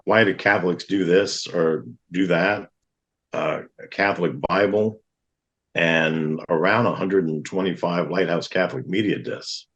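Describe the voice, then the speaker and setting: A man's voice: deep voice, fairly even intonation, unhurried, fairly bright tone, muffled recording. A middle-aged man, a guest on a talk show, earnestly telling a personal testimony and acting out what others said. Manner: earnest, vivid retelling with acted-out quotes.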